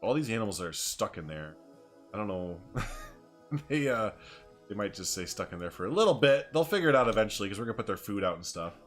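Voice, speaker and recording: A man's voice: fairly low pitch, very animated, quick pace, a bit bright, soft background music. A man chatting casually on a live game stream, joking with viewers and laughing often.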